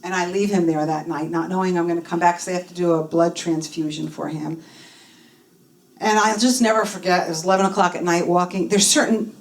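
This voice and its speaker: A woman giving a personal testimony talk at a spiritual center, telling her story in an animated way and acting out the dialogue. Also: on the low side, a little fast. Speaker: guest speaker. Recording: voice from a distance from the mic.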